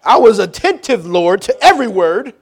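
High-voiced pastor preaching with loud-soft swings. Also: male voice, moderate pace, husky. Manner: lively preaching, swings from loud jokes to hushed questions. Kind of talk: sermon.

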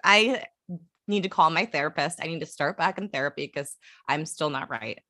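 A woman's voice: low-pitched, moderate pace, bright, forceful tone, no room sound. Young woman, blunt and sweary, dead dry close mic, just chatting. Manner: blunt, swears, acts out quotes for jokes. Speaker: podcast co-host. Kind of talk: casual chat.

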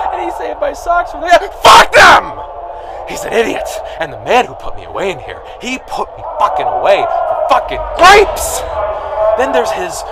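A man playing an angry, foul-mouthed prison inmate ranting and shouting on a collect call, over loud crowd noise. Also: very high voice, creaky, full character voice.

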